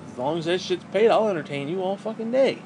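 A man's voice: high voice, animated, fast talker, noisy background. A man venting in a bitter, profane, rambling monologue to camera as a vlogger, often restarting his sentences.

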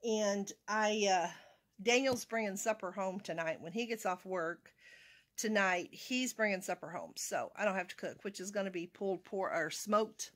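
A woman chats loosely to her viewers, wandering from one thought to the next. Her voice sits at an ordinary middle pitch, and her talk is easygoing and full of asides. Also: moderate pace. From Arkansas, USA. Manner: rambling, chatty, talks to her cat in a soft baby voice. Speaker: vlogger. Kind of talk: casual vlog chat.

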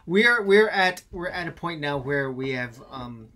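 A man's voice: a little high, lively intonation, a little slow, pushed and bright. A man co-hosting a casual live stream from a boat, rambling and apologizing as he stalls.

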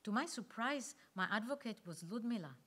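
Woman reading her own memoir at a conference, slow n thoughtful with pauses, bright voice. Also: fairly high pitch, expressive. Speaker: author and conference speaker.

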